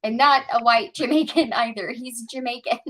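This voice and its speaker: Woman, high voice, casual stream panelist, animated storyteller. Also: normal speed. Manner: animated storytelling, quoting others. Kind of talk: casual chat.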